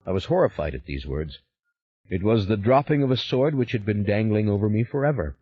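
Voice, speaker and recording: Husky, low-voiced man reading an audiobook. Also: lively intonation, a little fast, highs cut off. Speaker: audiobook narrator. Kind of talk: first-person audiobook narration.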